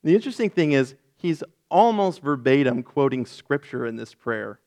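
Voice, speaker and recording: A man's voice: medium pitch, very animated, normal speed, darkish tone. Man preaching a Bible sermon. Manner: expository Bible teaching, acting out a petulant prophet in quotes. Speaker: pastor.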